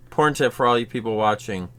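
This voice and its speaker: A man's voice: medium pitch, fairly bright tone, a little hiss or hum. A young man co-hosting a let's-play, chatting casually and joking crudely while playing. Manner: joking, crude, jumping to funny voices. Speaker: co-host of a let's-play channel. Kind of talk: casual gameplay chat.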